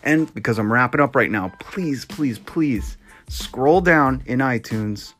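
A man's voice: mid-range voice, lively intonation, slow, a bit bright, soft background music. A man from Boston hosting a podcast, ranting in a casual, sarcastic and exasperated way and mocking others by quoting them. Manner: mock-quotes others in put-on voices. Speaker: podcast host. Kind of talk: casual opinion rant.

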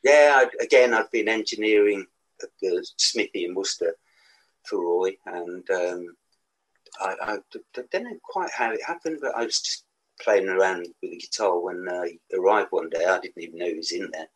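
A man's voice: low-pitched, normal speed, rough recording. A man in his sixties with a West Midlands accent, a musician guest telling rambling stories with laughs and restarts. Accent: West Midlands English. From England. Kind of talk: casual storytelling.

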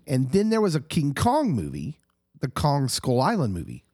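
A middle-aged man who co-hosts a podcast, talking casually while hoarse and husky from a recent illness, animated and laughing often. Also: medium pitch, moderate pace, no echo, studio quality. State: hoarse, getting over an illness. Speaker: podcast co-host, pastor.

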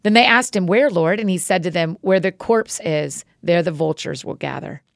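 Woman with a slightly gravelly voice. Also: lowish voice, normal speed, dry recording, clean studio sound. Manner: friendly, encouraging intro then steady reading. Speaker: podcast host reading scripture. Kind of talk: scripture reading.

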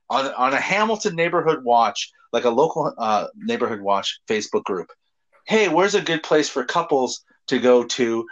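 A man's voice: mid-range voice, muffled recording. A man co-hosting a casual podcast, telling crude stories with lots of laughter and swearing. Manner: animated storytelling, laughs often, swears freely. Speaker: podcast co-host.

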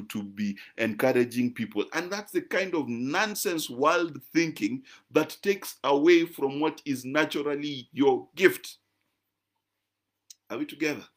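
A man teaches his listeners in a croaky, mid-pitched voice. He talks in a chatty way, stresses key words and keeps checking that they follow him. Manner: conversational and emphatic, frequent "right?" checks and repeated words. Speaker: preacher. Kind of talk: teaching sermon to a live-stream audience.

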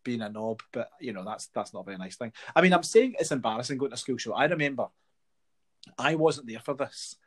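A middle-aged man with a Scottish accent tells wry, swear-laden stories in an easy chat. His voice has a husky edge and sits at an ordinary pitch. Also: lively intonation, fast talker, fairly bright tone. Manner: wry storytelling, swears freely. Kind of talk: casual chat.

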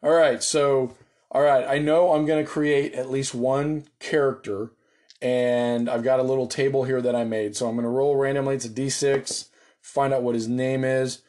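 Excitable, foul-mouthed American man. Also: medium pitch, moderate pace. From United States. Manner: excited, joking, swears casually. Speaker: solo tabletop game player. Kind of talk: casual solo game chat.

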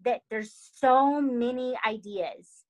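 Middle-aged woman chatting on a podcast, bit high voice, lively storyteller. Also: slow. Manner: animated storyteller. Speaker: podcast co-host. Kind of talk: casual chat.

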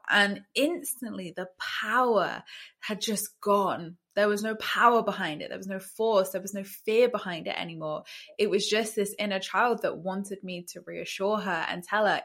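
A young woman from the UK, a guest on a podcast, talking in a chatty, animated way and often quoting her own thoughts aloud. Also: medium pitch, normal speed. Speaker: podcast guest, law of attraction coach. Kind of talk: casual podcast interview.

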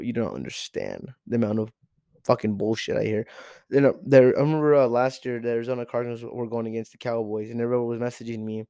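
Talking fast and expressively, this teenage podcast host rants about sports in an exasperated, profane way, piling up repeated rhetorical questions. His medium-pitched voice has a dark tone, captured in clean studio sound with no room noise.

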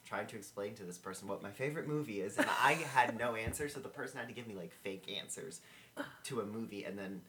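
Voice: medium pitch, quick pace, fairly bright tone. Young college-age podcast cohost, nervous and rambly, lots of um and like, faint noise behind. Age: young adult. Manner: hesitant and self-conscious, many "um" and "like". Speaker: podcast co-host. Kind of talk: casual chat.

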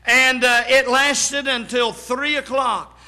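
A man preaching a dramatic sermon, slow and emphatic, his voice swelling into shouts on key words. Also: extremely high pitch, steady tone. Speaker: pastor.

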